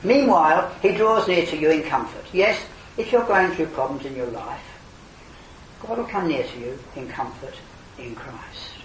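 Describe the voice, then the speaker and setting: An older man preaching an earnest evangelistic sermon, his voice swelling to emphatic calls and then falling quiet. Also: a little high, lively intonation, normal speed, a little hiss or hum. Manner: earnest, rising to emphatic exclamations then dropping soft. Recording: roomy hall, distant mic, faint ambience.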